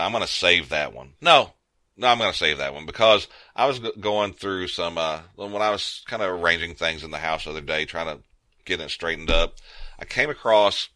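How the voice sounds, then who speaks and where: Man, podcast co-host, casual rambling chat, low voice, very bright tone. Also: no room sound. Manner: rambling with frequent restarts.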